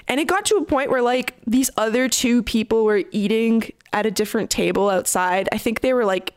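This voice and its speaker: A woman's voice: fairly high pitch, brisk, few pauses, no room sound. A young woman from Canada, a touring musician, telling stories in a casual interview with lots of fillers. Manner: chatty, animated storyteller with many fillers.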